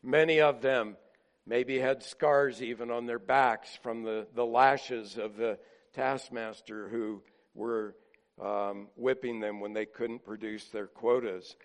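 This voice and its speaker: A man's voice: medium pitch, steady tone, slow pace. Earnest male pastor preaching a sermon.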